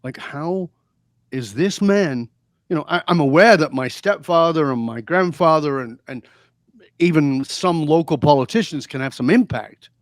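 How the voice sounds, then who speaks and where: A man's voice: a little high, normal speed, dry recording. A middle-aged man from England, a podcast guest telling his life story with animation and acting out remembered lines. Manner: animated storyteller, acts out quotes. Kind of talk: storytelling interview.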